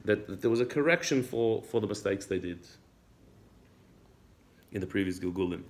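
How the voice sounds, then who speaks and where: Man, low voice, religious text teacher, reads Hebrew then explains in English, repeats words. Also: normal speed. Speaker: Torah teacher.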